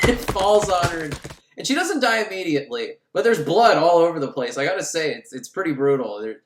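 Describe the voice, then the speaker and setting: A man's voice: on the high side, big pitch swings, fairly quick, heavy background noise. A man giving a sarcastic, rambling comedic recap of a movie plot. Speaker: host recapping a film. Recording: roomy echo.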